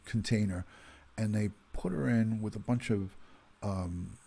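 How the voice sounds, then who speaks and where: A husky man in his fifties chats casually on a livestream. His voice sits low, and he greets viewers by name, his talk full of ums and uhs. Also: unhurried, dark tone. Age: 50s. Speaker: retired police detective hosting a livestream.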